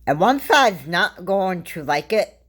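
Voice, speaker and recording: Woman vlogger, low voice, slow unhurried delivery, rambling casual commentary, halting restarts. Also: big pitch swings, a bit bright, breathy edge.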